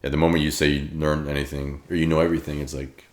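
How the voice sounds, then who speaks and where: A man's voice: rumbling low, level tone, fast. A man hosting a casual podcast chat, laid-back and rambling, often leaning on "like". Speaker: podcast host.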